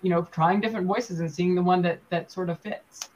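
A woman's voice: on the low side, steady tone, fairly quick, a little mellow. Chatty woman puppeteer, muffled audio. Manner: chatty, with many fillers and restarts. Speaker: puppeteer guest. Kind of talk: casual interview chat.

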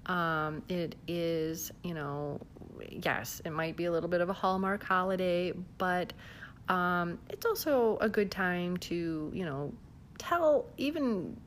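A woman's voice: on the low side, slow pace, slight background noise. A woman from the southern United States chatting casually into her phone at home, laughing often and using lots of fillers. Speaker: vlogger. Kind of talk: casual chat to camera. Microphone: phone held in hand.

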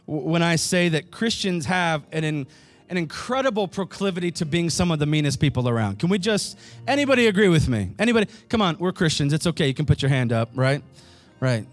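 A man's voice: on the high side, animated, brisk, soft background music. A male pastor preaching a sermon, asking his congregation questions and repeating key phrases for emphasis. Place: church sanctuary.

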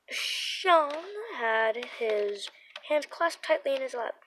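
A woman with a slightly high voice reads a children's story aloud. She stumbles now and then, restarting and repeating a word. A faint hiss of noise sits under the voice. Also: lively intonation, takes it slowly, a bit bright, low-quality recording. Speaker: narrator.

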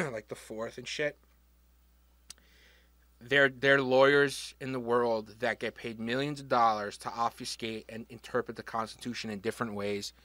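A man's voice: medium pitch, fairly even intonation, measured pace, sharp tone, no echo. A man co-hosting a casual podcast, talking bluntly and joking with a lot of profanity. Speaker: podcast co-host.

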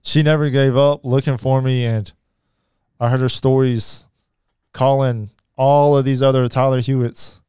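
Soft-spoken man with a drawl. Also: mid-range voice, little pitch movement, clear, resonant tone, no room sound, clean studio sound. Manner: halting, many fillers and restarts. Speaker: podcast guest. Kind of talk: personal storytelling.

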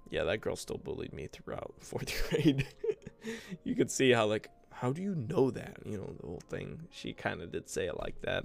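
A man's voice: lowish voice, gravelly. A young man hosting his own podcast, telling childhood stories in a rambling, profane, self-mocking way into a home mic. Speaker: podcast host. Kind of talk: casual rambling storytelling. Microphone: home desk mic.

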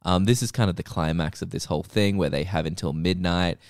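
A man with a deep, low voice rambles through a movie recap, swearing freely and slipping into the characters' lines. The sound is close and dry, with no room echo. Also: a little fast. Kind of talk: casual movie recap chat.

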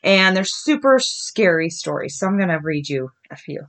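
Podcast host mom in her thirties, reads spooky tales aloud, giggly, drawn-out groans, very animated pitch. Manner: lively, giggly, groans the ghost's lines slowly. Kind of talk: reading scary stories aloud to her daughter.

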